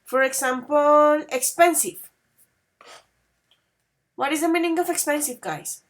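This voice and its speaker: A woman teaching an English grammar class, patiently quizzing students and spelling out word endings slowly. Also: high voice.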